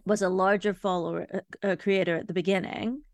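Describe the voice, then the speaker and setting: A woman's voice: medium pitch, fairly even intonation, fairly quick, dry recording, studio quality. A woman co-hosting a podcast in casual chat, telling a rambling story in an agreeable, chatty way. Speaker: podcast co-host.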